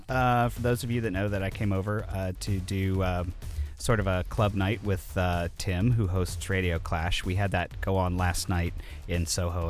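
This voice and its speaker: Rambling American man hosting a podcast. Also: low voice. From United States. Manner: rambling, hesitant with many ums. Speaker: podcast host. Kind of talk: casual podcast chat. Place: small room called the bunker.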